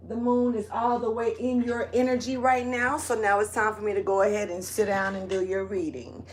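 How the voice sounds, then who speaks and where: A woman's voice: mid-range voice, level tone, moderate pace, a little hiss or hum. Laid-back rambling woman tarot reader. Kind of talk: casual monthly astrology reading.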